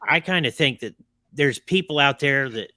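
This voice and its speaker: A man's voice: medium pitch, animated, moderate pace, bright, forceful tone, no echo. A man hosting a paranormal podcast, speaking hesitantly and filling his sentences with "you know". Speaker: podcast host. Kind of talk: casual interview chat.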